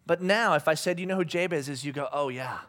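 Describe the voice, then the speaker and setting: This preacher keeps things conversational, joking and laughing often and performing character voices as he reads scripture to the congregation. He talks fast in a high, fairly bright voice.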